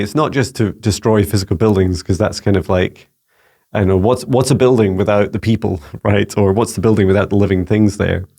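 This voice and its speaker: A man and psychic mentor answering viewer questions in a rambling, casual way. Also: on the low side. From Scotland. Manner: warm-hearted, rambling, frequent restarts and fillers.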